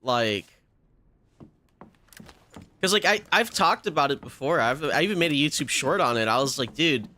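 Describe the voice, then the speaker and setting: A young man chatting through a let's-play, his voice bright and a little high, swinging up and down with lively pitch as he rants and swears freely. He talks casually and animatedly, like someone at home behind the controller. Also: moderate pace, long pauses, slight background noise. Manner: animated, profane ranting. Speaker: gaming channel host.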